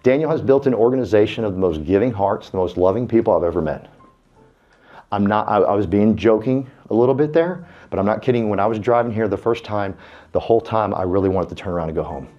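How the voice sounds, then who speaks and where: A man's voice: lowish voice, animated, fast, lo-fi sound. A man giving a folksy, fired-up motivational speech to a room of real estate agents, urging them on like a preacher. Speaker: real estate team speaker. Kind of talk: motivational speech to a live audience.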